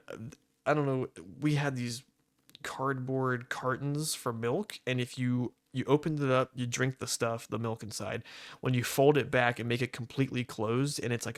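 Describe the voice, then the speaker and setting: A young man co-hosts a podcast in a mid-range voice with no echo. His casual chat is rambling storytelling, loose and crowded with fillers.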